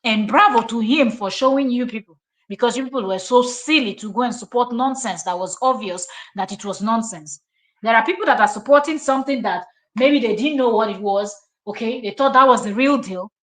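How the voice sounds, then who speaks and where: A woman's voice: fairly high pitch, fairly quick. A woman with a Nigerian accent hosting a live stream, reacting to clips in an emphatic, scolding, repetitive way.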